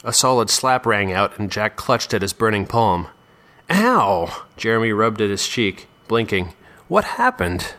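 A man narrating a serialized story with steady, expressive storytelling. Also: on the low side, moderate pace, few pauses.

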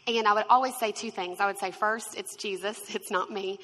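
A woman telling a personal story in a conversational, lively way. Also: medium pitch, brisk. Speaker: speaker sharing her story. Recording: long reverb.

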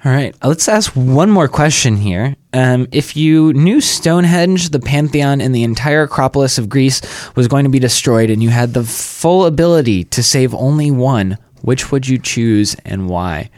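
A man's voice: mid-range voice, animated, moderate pace, few pauses, a little mellow, dry recording, studio quality. A man hosting a casual radio talk show, joking and laughing often as he asks questions.

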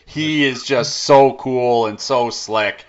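A man co-hosting a casual movie review podcast, animated and laughing often, acting out quotes in bursts. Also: mid-range voice, slow pace. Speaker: podcast co-host. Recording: dull lo-fi podcast audio.

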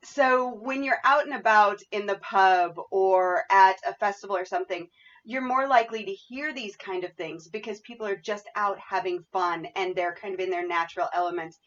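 A woman interviewer talking in a measured, reflective way in casual chat. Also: medium pitch, a bit bright. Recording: dull lo-fi audio.

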